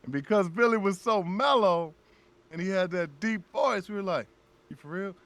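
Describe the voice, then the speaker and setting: Animated male guest telling stories. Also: high-pitched, normal speed. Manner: animated storyteller who acts out friends' lines. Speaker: guest voice actor. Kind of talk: casual podcast chat.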